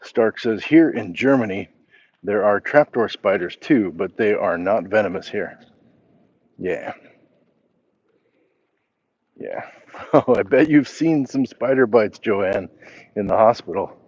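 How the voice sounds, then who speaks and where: A man's voice: on the low side, lively intonation, takes it slowly, long pauses, a little mellow, breathy edge, lo-fi sound. A man hosting a casual walk-and-talk livestream, reading chat messages aloud and answering them as he walks. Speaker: livestream host.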